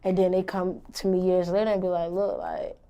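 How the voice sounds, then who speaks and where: A woman's voice: fairly low pitch, level tone, quick pace, dark tone, smooth. A young woman rapper answering interview questions in a blunt, confident, slangy way.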